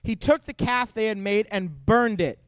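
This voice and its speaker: High, clear-voiced young man preaching. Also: moderate pace, dry recording, studio quality. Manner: animated storytelling with jokes and quoted voices. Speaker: youth pastor. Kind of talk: youth group Bible talk.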